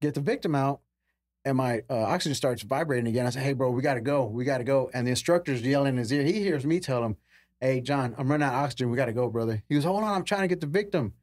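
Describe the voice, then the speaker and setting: A man in his forties guests on a podcast, casually telling firefighting stories, voicing other people's lines and swearing freely. He talks fast in a medium-pitched, darkish voice, and the studio-quality recording is dry.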